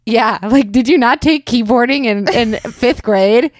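A woman's voice: a little high, unhurried, no room sound, studio quality. A woman co-hosting a podcast in casual chat, teasing and wry, laughing often. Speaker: podcast co-host.

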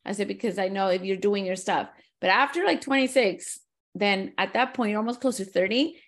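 A woman talking in an easy conversational flow, swinging between English and Spanish mid-thought. Her pitch sits in a middle register and moves a lot, animated and quick to laugh. It sounds like relaxed talk between friends. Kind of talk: casual conversation.

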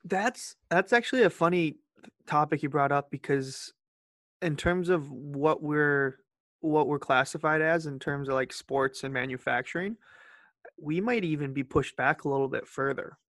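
A man co-hosts a podcast in casual chat, joking with and teasing his friend. His voice is on the high side and fairly bright, at a moderate pace. The studio recording is clean, with no room sound.

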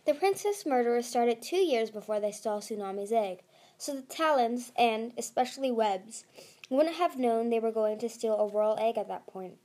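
A woman's voice: on the high side, mellow, natural voice. A woman voicing a bookish young male dragon who explains things thoughtfully.

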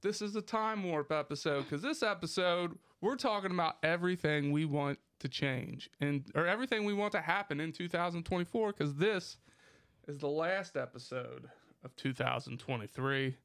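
Higher-voiced man hosting a comedy podcast. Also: fairly bright tone, smooth. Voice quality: slow-talking. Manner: playful, rhyming intros, laughs often. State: losing his voice. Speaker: podcast host. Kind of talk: casual comedic podcast banter.

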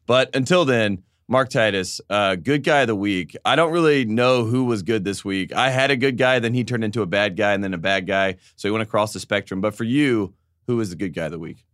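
A man co-hosting a sports podcast, chatting casually and joking, with quick animated asides. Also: fairly low pitch, no echo, studio quality. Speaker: podcast co-host.

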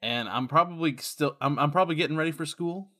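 A man playing in a tabletop role-play, speaking in character in a casual, deadpan way. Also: fairly high pitch, quick pace. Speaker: player.

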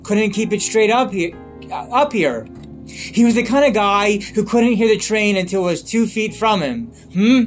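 A man's voice: sits high, expressive, moderate pace, soft background music. Man imitating a cackling showboat clown villain. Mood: mocking. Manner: showy, mocking, sing-song delivery. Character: grinning madcap male clown villain, theatrical.

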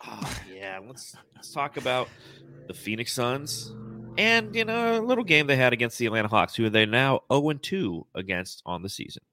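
A man's voice: medium pitch, very animated, moderate pace, background noise. A man hosting a sports podcast, talking casually and at length about a basketball team. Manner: conversational, rambling sports talk. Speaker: podcast host.

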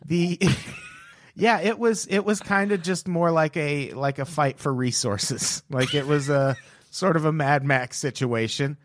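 A man's voice: fairly high pitch, unhurried, a little hiss or hum. A man co-hosting a casual comedy chat, wry and joking, reading out news quotes. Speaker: podcast co-host.

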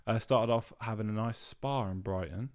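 A man's voice: fairly low pitch, moderate pace. A young man co-hosting a casual podcast, telling stories animatedly, swearing freely and mimicking other people. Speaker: podcast co-host.

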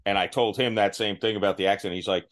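A man's voice: lowish voice, fairly even intonation, fast. A man hosting a podcast, talking casually and self-deprecatingly, often restarting his sentences. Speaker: podcast host. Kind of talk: casual chat.

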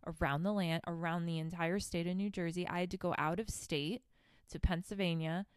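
A woman's voice: lowish voice, fairly even intonation, brisk, clear, resonant tone, no room sound, clean studio sound. A woman hosting a podcast and telling a story in a casual, blunt, profane way, with laughing asides into a handheld microphone. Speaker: podcast host. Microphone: handheld microphone held close.

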